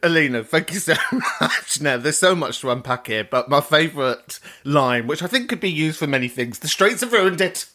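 Man, podcast host, lively swooping pitch, jokey, swears, laughs often. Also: moderate pace. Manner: animated, swearing, laughing, mock outrage. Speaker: podcast host reading voicemails. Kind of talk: casual chat.

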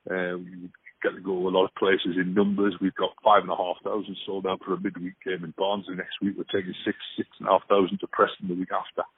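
A man's voice: sits low, completely flat delivery, fast talker, slightly rough, no echo. Geordie man on a tinny phone line. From Newcastle, England. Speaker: guest football fan. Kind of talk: phone interview.

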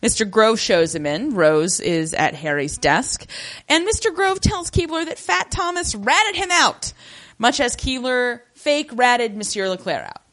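A woman's voice: fairly high pitch, measured pace. A woman co-hosting a podcast, recapping a TV episode in casual chat with wry jokes. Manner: wry, joking, lively asides.

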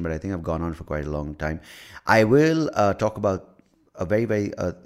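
An American man hosting a podcast, talking in a rambling, profane, self-mocking casual monologue. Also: low voice. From United States. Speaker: podcast host.

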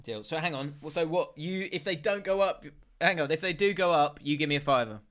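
A man's voice: fairly high pitch, fairly quick, a bit bright. A man hosting a podcast, bantering casually, laughing often and swearing freely. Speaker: podcast host.

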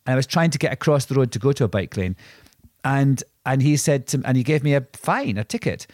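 A man's voice: mid-range voice, lively intonation, a little fast, darkish tone, no echo. Rambling man telling anecdotes, dry mic. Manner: rambling, self-interrupting anecdotes with many restarts. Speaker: podcast co-host. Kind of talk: casual storytelling chat.

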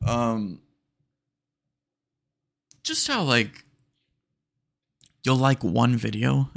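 A man with a low, gravelly voice hosts a solo podcast and rambles laid-back about his day. He talks close to his mic in an easygoing way and tosses in "dude" a lot. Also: fairly bright tone. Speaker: podcast host. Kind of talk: casual solo podcast chat. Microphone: podcast mic close to the face.

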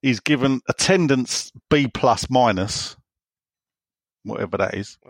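A man's voice: mid-range voice, measured pace, no echo. A man co-hosting a casual podcast, reading out listener messages and laughing along. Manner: playful, reads listener questions with laughs. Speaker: podcast co-host. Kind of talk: casual chat.

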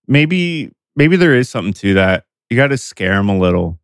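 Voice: mid-range voice, big pitch swings, moderate pace, no room sound, studio quality. A young podcast host chatting casually with a guest, laid-back and easily amused.

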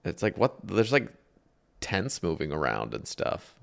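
A man's voice: sits low, sing-song, measured pace, gravelly. A man hosting a gaming podcast, chatting in a laid-back, slangy way. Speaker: podcast host. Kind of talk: casual gaming chat.

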